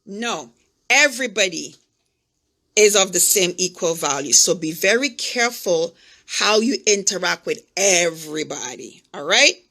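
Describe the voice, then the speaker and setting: A woman hosting a podcast, telling a personal story in an animated way and speaking straight to her listeners. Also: on the low side, unhurried. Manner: animated, acts out the voices in her stories. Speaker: podcast host. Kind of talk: personal storytelling, coaching talk.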